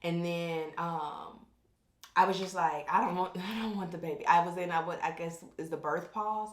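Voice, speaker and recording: A woman with a slightly low voice tells a personal story in a loose, unscripted way, doubling back and cutting herself off mid-thought. Her speech is frank and chatty. The recording has a noticeable roomy echo. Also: steady tone, normal speed. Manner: rambling, self-interrupting, candid. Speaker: vlogger telling her birth story. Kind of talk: casual storytelling.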